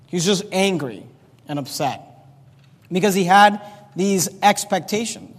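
A male pastor with a strikingly high voice preaches a sermon, walking through the text in a chatty manner and breaking off for humorous asides. His words ring out with a long reverb from the church around him. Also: normal speed.

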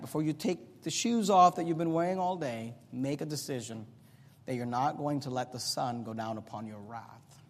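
Man, pastor, sermon, high voice, long hall reverb, loud emphatic peaks and quiet stretches.

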